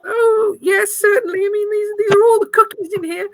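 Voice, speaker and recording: A woman's voice: fairly even intonation, fairly quick, dry recording. Woman putting on Mrs Claus, a quavering old granny. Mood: flustered. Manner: high quavering granny voice, chatty.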